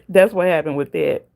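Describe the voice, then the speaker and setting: A woman's voice: fairly low pitch, vocal fry, a little mellow. A woman with a Southern US accent hosting a casual livestream, talking straight to viewers in the chat and laughing often. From Southern United States. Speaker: livestream host.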